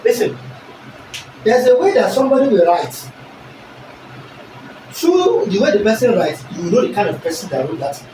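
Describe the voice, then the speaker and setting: Animated male teacher in an echoey classroom. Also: high voice, moderate pace, pauses often, slight background noise. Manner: animated, repeatedly checks understanding with the class. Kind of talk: classroom English lesson. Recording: echoey room recorded from a distance.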